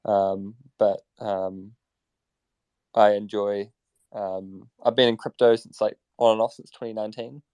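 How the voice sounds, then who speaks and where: Man, New Zealand accent, mumbly, lots of fillers, low voice, dry sound. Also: flat delivery, a little slow, a little mellow, smooth, no echo. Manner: mumbly, self-deprecating, filler-heavy. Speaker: guest, operations at an indexer company. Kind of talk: casual online panel talk.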